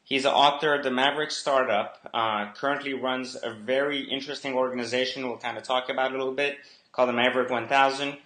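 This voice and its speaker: A man's voice: medium pitch, fairly even intonation, fast talker, pushed and bright. A man hosting an interview, asking friendly, filler-heavy questions. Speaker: interview host. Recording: roomy echo.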